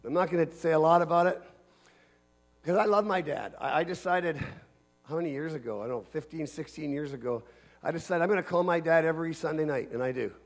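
Canadian-born guy preaching, high-ish voice, earnest and pushy with the repeats. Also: fast. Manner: earnest, emphatic preaching with repetition. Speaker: pastor. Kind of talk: sermon.

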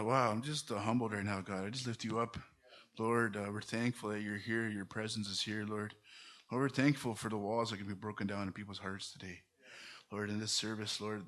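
Fervent low-voiced man praying. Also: a bit bright. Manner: fervent, repeats "Lord" often. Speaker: church member giving a word. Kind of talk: exhortation and spoken prayer. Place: church sanctuary.

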